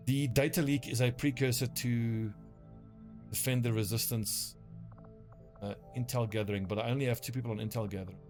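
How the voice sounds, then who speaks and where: A man with a South African English accent talks through a game on stream in a rambling, self-mocking way, swearing freely. His voice sits on the low side. Faint music plays under him. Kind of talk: casual gameplay commentary.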